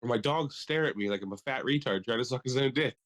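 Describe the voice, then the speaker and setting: A male podcast co-host in loose, casual chat, riffing with plenty of swearing and lots of energy. His voice sits at an ordinary middle pitch. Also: quick pace. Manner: profane, animated riffing.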